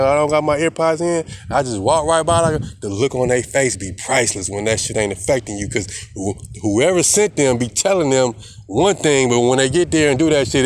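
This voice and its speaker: A man's voice: mid-range voice, slight background noise. A young man, rambling defiantly in a casual vlog monologue, repeating himself and swearing a lot. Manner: heavy slang and profanity. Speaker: vlogger.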